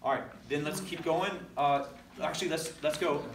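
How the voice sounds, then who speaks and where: A man's voice: fairly high pitch, steady tone, moderate pace, a little hiss or hum. A man teaching a classroom lesson, leading call-and-response drills with energy and correcting himself as he goes. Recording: echoey classroom recorded from far off.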